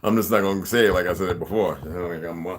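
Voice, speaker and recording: A man's voice: sits low, rapid-fire. A man talking casually to his viewers, rambling with many restarts and asides.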